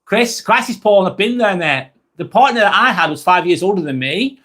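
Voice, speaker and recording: Chatting casually on a live stream, a broad, strong man in his thirties reads viewer comments in an animated way at a moderate pace. His tone is sharp and a little higher than most men's. He's blunt, swears freely and repeats his phrases.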